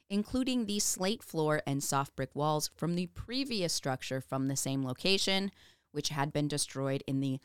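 Low-voiced woman reading history notes. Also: smooth, no room sound, clean studio sound. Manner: laughs often, reads notes with asides. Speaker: podcast co-host. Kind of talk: casual chat, reading researched history.

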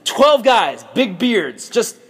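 A man preaching through a Bible story in a lively, playful, jokey way. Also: very high-pitched, slow.

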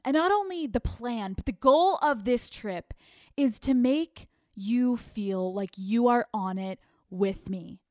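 A young American woman hosting a solo podcast, brash and profane, swinging from loud bursts to hushed asides. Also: medium pitch, no room sound, clean studio sound. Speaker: podcast host.

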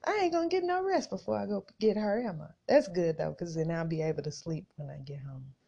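With a lowish, mellow voice, vocal fry, and a fairly quick, animated delivery, a woman hosts a podcast where she reads scripture. She chats casually, addresses her audience as "y'all," and repeats phrases for emphasis, all on a dull lo-fi recording.

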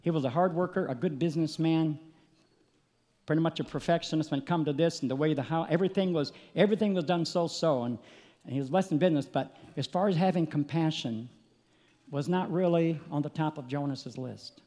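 A male preacher giving an impassioned sermon, rising to loud peaks and dropping back to a low, earnest tone. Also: a little fast. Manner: impassioned, builds to shouting peaks then drops quiet. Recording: long hall reverb.

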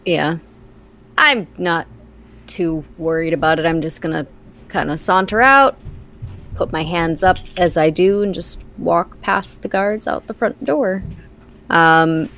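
A woman playing a tabletop game, easygoing and unhurried. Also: lowish voice, fairly bright tone, a little hiss or hum. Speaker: player.

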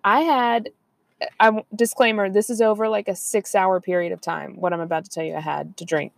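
A woman's voice: medium pitch, steady tone, fairly quick, vocal fry, dry recording. A woman, chatting casually and rambling on a podcast, laughing often. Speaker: podcast co-host. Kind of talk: casual chat.

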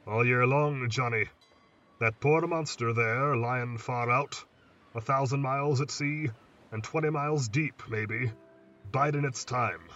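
Guy doing an old lighthouse keeper, slow hushed musing, kinda far off and muffled. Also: mid-range voice, soft background music, close to an everyday voice. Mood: brooding. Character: weathered old male lighthouse keeper, brooding. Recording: distant muffled mic, faint hiss.

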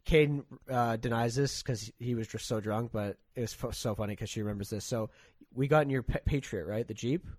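A man's voice: medium pitch, a little fast, a little mellow, no room sound. A young man from Canada telling a long casual story, rambling and swearing with lots of "like". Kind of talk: casual chat.

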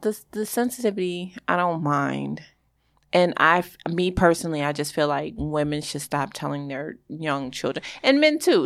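Frank, low-pitched woman chatting casually. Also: no echo, clean studio sound. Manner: frank, joking, storytelling. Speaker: podcast co-host. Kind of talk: casual chat.

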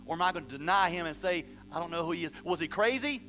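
Man, pastor, sermon, rhetorical questions, scripture reading, bright tone, faint hum behind. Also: a little high, fairly even intonation, rapid-fire. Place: church hall.

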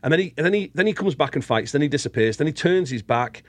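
A man from England with a British accent, a guest telling lively anecdotes in casual chat and laughing often. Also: fairly high pitch, fast, no room sound. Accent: British English. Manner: animated storyteller, laughs often.

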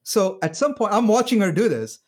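A man's voice: high-pitched, brisk. A man casually recounting an anecdote in a group conversation, acting out the people he quotes. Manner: animated, acts out quotes with laughter. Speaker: phone bank volunteer. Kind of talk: casual storytelling in a group chat.

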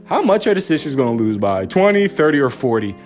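A young sports fan vlogger speaks straight into his phone, his pitch swinging high and low as he rants casually. He fires off animated, disbelieving rhetorical questions in rapid succession. Faint music plays behind him.

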